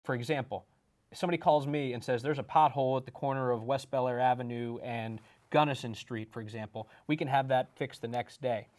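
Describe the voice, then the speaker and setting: A man's voice: mid-range voice, steady tone, brisk, a little mellow. Earnest mayor man in interview. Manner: earnest, explanatory, acts out quoted chats. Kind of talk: studio interview answers.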